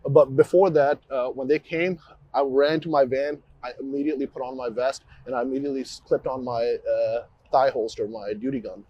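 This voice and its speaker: A police officer recounting events outdoors during an on-scene walkthrough interview, halting and restarting his phrases. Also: medium pitch, steady tone, highs cut off. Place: outdoors by a roadside.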